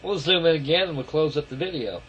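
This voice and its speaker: A man's voice: on the high side, fast talker, fairly bright tone, slight background noise. A man casually narrating a walk-around of his scale model, folksy and rambling, calling his viewers folks. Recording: lo-fi camera audio.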